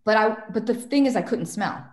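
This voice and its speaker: A woman's voice: fairly high pitch, a little fast. A woman, a guest medium and tarot reader, chatting casually on a podcast and telling stories with acted-out quotes. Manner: animated storytelling, acts out quotes. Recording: echoey room.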